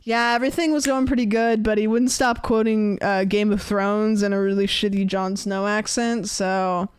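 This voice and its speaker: A woman's voice: medium pitch, fairly even intonation, normal speed, clean tone, dry recording. A young woman streaming, chatting casually and mocking herself with frequent laughs. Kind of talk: casual chat. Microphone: desk mic.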